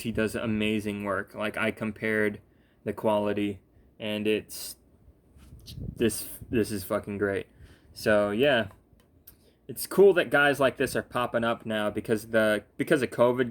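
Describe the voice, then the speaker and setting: A young man, sleepy, ranting casually with lots of fillers, restarts and swearing. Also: fairly low pitch. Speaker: gaming vlogger. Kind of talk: casual rambling rant.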